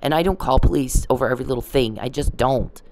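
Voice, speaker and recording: A woman's voice: very deep voice, fast talker, background noise. A woman vlogging in a rambling, indignant to-camera rant, swearing freely.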